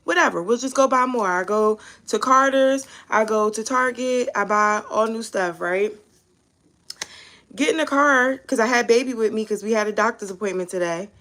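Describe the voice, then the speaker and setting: A woman's voice: mid-range voice, moderate pace. Chatty young woman hosting a live stream. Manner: chatty, animated storyteller who curses casually. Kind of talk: casual live-stream chat.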